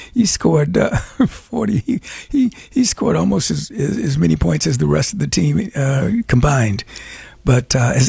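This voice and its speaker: An older man hosting a radio show with a raspy voice, talking casually and rambling with chuckles and fillers. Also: on the high side, dark tone, dry recording. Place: radio studio.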